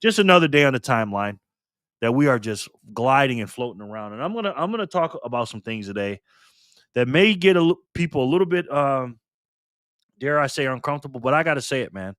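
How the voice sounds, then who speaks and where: A man's voice: medium pitch, expressive, a little fast, fairly bright tone, dry recording, clean studio sound. A man hosting a casual live stream, reading the chat aloud and talking back to viewers in an upbeat, chatty way. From Nevada.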